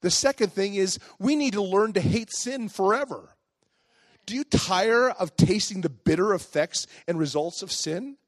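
High-voiced male pastor preaching. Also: expressive, normal speed, no echo. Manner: conversational preaching with rhetorical questions. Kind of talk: sermon.

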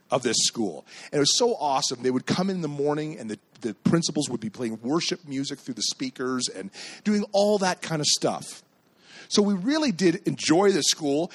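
A male pastor from Canada delivers a sermon in a slightly husky voice that sits a little high for a man. He swings his pitch widely as he tells stories, acts out the voices in them, and shouts at the high points. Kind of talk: sermon with storytelling.

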